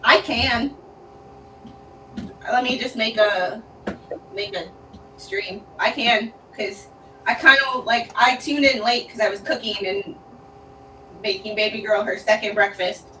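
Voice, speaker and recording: A woman's voice: on the high side, unhurried, pauses often, pushed and bright. Southern woman, distant mic. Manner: self-deprecating, laughs at herself. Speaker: streamer guest. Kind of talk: casual chat on a livestream call. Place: home, mic across the room. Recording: distant mic with faint noise.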